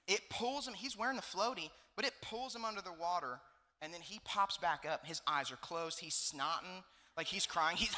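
A male pastor in his thirties delivers a sermon with animated, joking storytelling. His voice sits a little high and sounds very bright and forceful, with a long reverb tail from a large church hall. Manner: animated storytelling with laughs and asides. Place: church auditorium.

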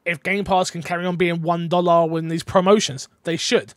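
A man's voice: sits high, level tone, normal speed, fairly bright tone, no echo, studio quality. A man hosting a casual gaming podcast, playful and teasing as he reads out listener questions. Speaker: podcast host.

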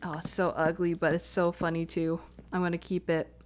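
A woman's voice: lowish voice, little pitch movement, a little fast. A young woman with a Canadian accent, chatting casually on a live stream while she plays, thinking aloud and apologizing as she goes. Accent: Canadian English. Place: home room, stepping away from the mic at times. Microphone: desk microphone.

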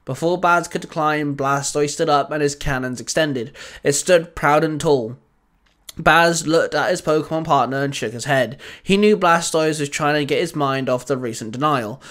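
A man reading a fan fiction story aloud in a steady storytelling voice. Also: on the high side, moderate pace. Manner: steady reading with small restarts.

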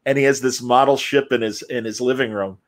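A man's voice: medium pitch, fairly even intonation, a little fast. A man hosting a live Q&A interview, telling anecdotes animatedly and acting out the people he quotes. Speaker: host.

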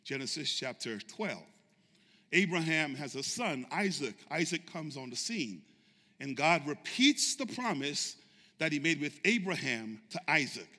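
A man preaching a sermon as pastor, shouting fervently and calling out to his congregation for responses. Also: fairly high pitch, very animated, measured pace. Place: church sanctuary. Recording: echoey church sanctuary reverb.

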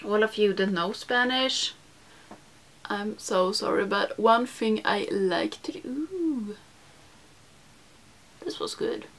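A woman's voice: medium pitch, takes it slowly. Chatty young woman doing a makeup vlog. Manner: chatty, self-deprecating, many fillers, drops into soft whispers while applying makeup. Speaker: beauty vlogger. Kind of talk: casual makeup tutorial chat.

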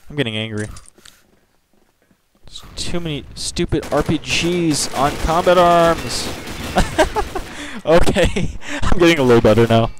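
A man's voice: fairly high pitch, animated, unhurried, background noise. A man giving casual, grumbling commentary over his own gameplay. He gets frustrated easily and keeps apologizing for it. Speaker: gameplay video host. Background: game gunfire and clicks.

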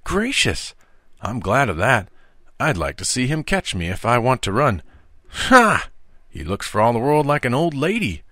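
Brief: man playing a mischievous schoolboy, pitched well up and bouncing, storybook reading, dry close sound. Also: normal speed, no echo. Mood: astonished. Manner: excited, high-pitched boyish outbursts. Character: chubby mischievous young boy, cheeky and wide-eyed.

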